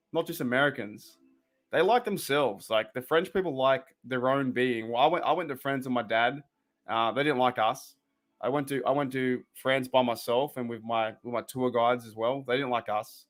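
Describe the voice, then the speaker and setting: A young man with an Australian accent talks casually to his stream viewers at an everyday mid pitch. He rambles in a laid-back way, laughing easily, and breaks into loud reactions when something big happens in the game. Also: moderate pace. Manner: laid-back, chatty, laughs often, reacts loudly to plays. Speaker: watch party streamer. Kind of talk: casual live-stream chat.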